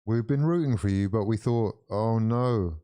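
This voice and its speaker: Low, mellow-voiced excitable young man. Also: a little fast. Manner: excitable, exclaiming, chatting to viewers. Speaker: watch-along streamer. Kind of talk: live football watch-along commentary.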